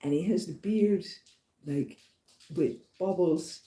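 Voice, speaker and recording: A woman with a very dark, mellow voice tells a rambling travel story in a casual vlog. She sounds chatty and enthusiastic, a walking pilgrim talking to the camera. Her voice rings with a noticeable echo. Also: fairly low pitch, slow.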